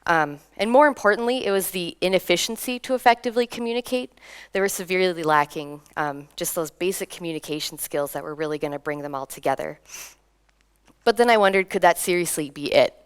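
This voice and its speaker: A young woman from Minnesota giving a lively conference talk, laughing between points and drawing in the audience. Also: fairly low pitch, brisk, smooth. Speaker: conference speaker. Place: conference hall.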